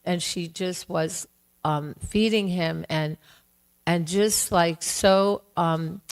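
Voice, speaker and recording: A woman giving a devotional class, telling a sacred story gently and voicing its characters. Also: lowish voice, fairly even intonation, smooth, rough recording. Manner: gentle, slow storytelling with voiced quotes. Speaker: class speaker. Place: temple hall.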